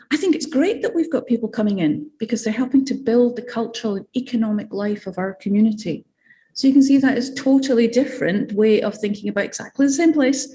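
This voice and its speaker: Scottish lady academic giving a seminar talk, relaxed and chatty, lots of um and you know. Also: mid-range voice, slight background noise. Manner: conversational, with frequent fillers and asides. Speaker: academic lecturer.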